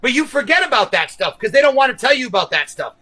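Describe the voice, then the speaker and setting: A man with a high, bright voice delivers a long, unscripted livestream rant, swearing freely and speaking directly to his audience. He rambles between points and leans into a conspiratorial tone, coaxing viewers to follow along. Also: sing-song, quick pace, rough recording. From United States. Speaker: livestream host.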